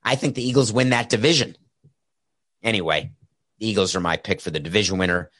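Talking fairly quickly in a slightly bright voice on the low side, this man hosts a solo sports podcast. Wearing a headset mic with an earpiece in his home studio with a camera and soundboard, he rambles with sarcasm and jokes, and there's no echo.

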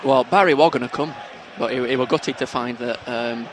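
A man's voice: medium pitch, a little fast, background noise. A man co-hosting a casual football podcast, joking and teasing his co-host, recorded outdoors at a stadium. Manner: jokey, teasing. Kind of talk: casual banter at a football match.

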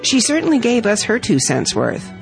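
A woman reading her own heartfelt family story aloud in a gentle storytelling manner. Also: a little high, huge pitch swings, moderate pace, vocal fry, over loud music. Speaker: story reader.

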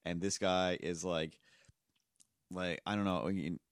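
A man's voice: sits low, steady tone, slow, no room sound, clean studio sound. A man co-hosting a podcast, rambling through a nervous, self-deprecating anecdote and acting out the other people in it. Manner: rambling, self-deprecating, acts out voices in stories. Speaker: podcast co-host. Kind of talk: casual chat, storytelling.

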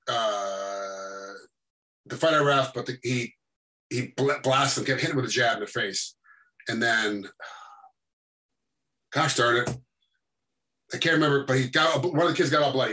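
A man with a mid-range voice speaks at a moderate pace and pauses often. He's a guest on a casual interview, an MMA referee and former fighter, animatedly acting out fight scenes as he tells his stories.

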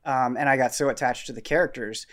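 An easygoing man co-hosting a podcast, chatting casually and often chiming in with short agreements. His pitch sits in the ordinary middle range for a man. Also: steady tone, quick pace, a bit bright. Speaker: podcast co-host. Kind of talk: casual chat.

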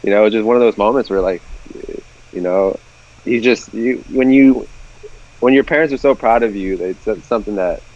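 A man's voice: fairly low pitch, a little mellow, dull audio. A man, a pro baseball player guesting on a podcast, telling an emotional story with many halts. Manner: emotional, halting. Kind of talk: casual chat.

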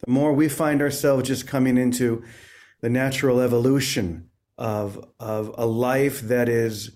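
A man who is a priest and author, talking gently and reflectively about faith, with many small restarts. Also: medium pitch. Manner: gentle, searching, with frequent restarts. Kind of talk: reflective spiritual interview.

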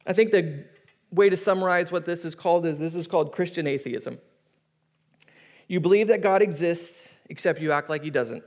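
A man's voice: fairly high pitch, moderate pace. A man in his thirties preaching a sermon as a pastor, telling stories and acting out voices. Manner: animated storytelling, acting out voices.

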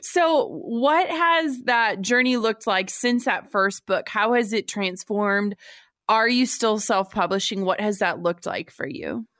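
A woman in her twenties hosting an interview podcast, encouraging and quick to laugh along. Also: medium pitch, a bit bright, no echo, studio quality. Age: 20s. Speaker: podcast host.

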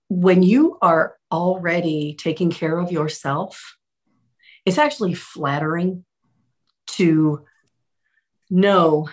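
Low-voiced woman hosting a podcast. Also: husky. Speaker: podcast host, coach. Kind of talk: conversational commentary.

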